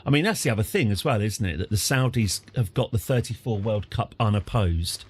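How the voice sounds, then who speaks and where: An English man in his forties talks through a live game stream with a husky edge to his voice. His pitch bounces around animatedly as he wanders from one wry tangent to the next. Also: lively intonation, brisk. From England. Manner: rambling, wry and chatty, reacting to chat. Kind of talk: casual live-stream gameplay chat.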